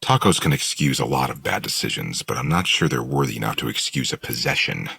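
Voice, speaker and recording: A male audiobook narrator reads a first-person novel at an even, measured pace. His voice is extremely deep, with a gravelly, husky texture. The recording is dry and close to the microphone. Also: dry recording.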